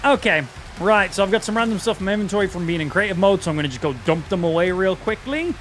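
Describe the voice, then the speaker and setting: High-voiced man streaming a game. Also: animated, quick pace, fairly bright tone, a little hiss or hum. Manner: chatty, swears heavily when frustrated. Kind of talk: live gameplay stream commentary.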